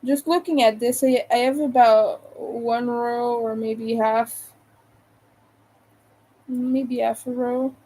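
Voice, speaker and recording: Slow-talking woman chatting while crocheting. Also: on the high side, steady tone, warm tone, rough recording. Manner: chatty, talks to herself between pauses. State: tired. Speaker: crochet livestreamer. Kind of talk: casual livestream chat while crocheting.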